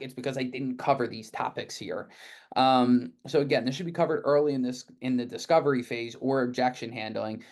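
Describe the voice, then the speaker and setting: A middle-aged man giving a casual sales training talk, full of "right?" check-ins and quick acted-out client replies. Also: medium pitch. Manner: conversational, leans on frequent "right?" check-ins.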